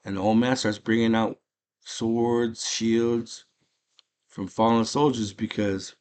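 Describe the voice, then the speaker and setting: A man retells a film's plot in loose, slangy, eager storytelling. His voice sits on the low side, and he rambles through the scenes with relish. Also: a little mellow. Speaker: movie channel host. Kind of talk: casual movie recap.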